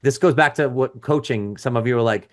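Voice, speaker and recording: A middle-aged man coaching a live webinar over a video call, his voice sitting at an ordinary middle pitch. He talks in a loose, conversational way, restarting sentences and reading chat comments aloud to his audience. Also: a little fast. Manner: casual and conversational, with restarts and asides. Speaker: business coach.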